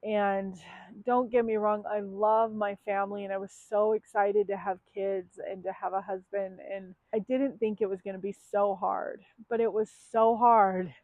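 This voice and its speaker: A woman's voice: medium pitch, little pitch movement, a little slow, no echo. A woman in her thirties telling her own story in a candid, emotional vlog, full of ums and likes. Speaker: vlogger. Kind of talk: personal confessional vlog. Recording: dry, tinny phone-like sound.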